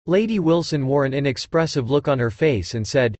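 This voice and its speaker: A man narrating an audiobook in a steady, scripted reading. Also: medium pitch, a little fast, few pauses, no room sound, dull audio.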